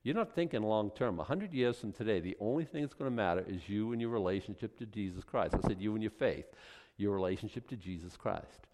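A man preaching a sermon, acting out little scenes and swinging between loud outbursts and hushed asides. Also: fairly low pitch, animated, fairly quick. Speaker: pastor.

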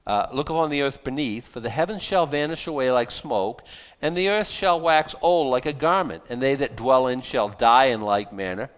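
A man preaching a Bible sermon in a conversational, animated way, often restarting and breaking into asides. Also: mid-range voice, normal speed. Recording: long hall reverb.

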